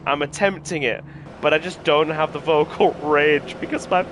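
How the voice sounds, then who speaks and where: A man with a worn, strained voice giving slow, rambling commentary while streaming a game. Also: on the high side, a bit bright, slight background noise. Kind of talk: casual gameplay commentary.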